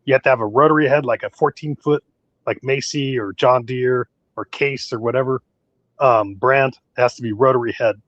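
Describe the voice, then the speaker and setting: A man talking casually as a guest on a live stream panel, rambling in a relaxed way. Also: mid-range voice, moderate pace, no echo, lo-fi sound.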